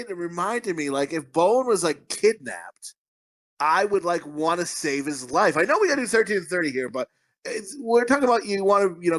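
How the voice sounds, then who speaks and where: A man's voice: sits high, a bit bright. A man co-hosting a podcast, rambling and joking crudely with his friends. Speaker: podcast co-host. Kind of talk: crude casual banter.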